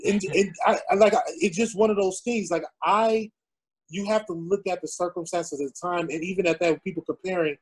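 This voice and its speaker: Husky high-voiced man chatting loosely. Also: fairly even intonation, brisk, poor audio. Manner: loose, swearing, rambling, restarts often. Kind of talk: casual chat.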